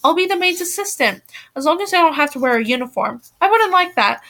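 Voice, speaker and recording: A woman reading the lines of an eager, dreamy younger sister from a novel, pleading and excited. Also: high-pitched, quick pace, voice pushed up.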